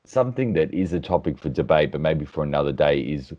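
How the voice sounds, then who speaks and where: Male podcast co-host, very low and dark, blunt, slightly muffled recording. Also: lively intonation, fast. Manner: argumentative, blunt. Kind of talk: casual chat.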